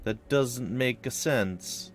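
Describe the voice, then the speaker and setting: A man's voice: medium pitch, takes it slowly, a little hiss or hum. A young man giving casual, wry commentary over a strategy game as he plays. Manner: wry, sarcastic, puts on silly voices for enemies. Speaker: let's play host.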